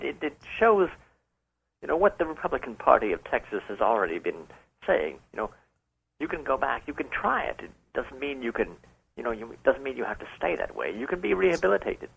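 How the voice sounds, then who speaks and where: A man doing a smug, gravelly-voiced prank caller. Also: mid-range voice, very animated, a little fast, a bit bright, full character voice, rough recording. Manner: mock-formal, smug innuendo. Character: pompous prank-caller man posing as a rock singer. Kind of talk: comedic prank call on radio. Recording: phone-in caller on radio.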